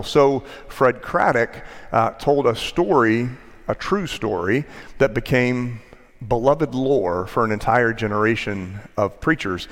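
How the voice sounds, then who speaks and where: A male pastor delivering a sermon, telling a story with measured pauses and a storyteller's rhythm. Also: medium pitch. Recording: long hall reverb.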